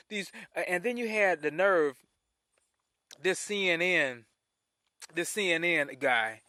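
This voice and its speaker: Indignant high-voiced man ranting. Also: fairly bright tone, no echo, studio quality. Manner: indignant, repeats and restarts phrases. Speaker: vlogger. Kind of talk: opinion rant to camera.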